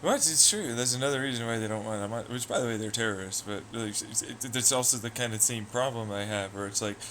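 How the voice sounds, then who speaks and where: A man's voice: medium pitch, fast talker, a bit bright, slight background noise. A man streaming live, chatting loosely with viewers, swearing and trailing off into asides. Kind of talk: casual rambling chat.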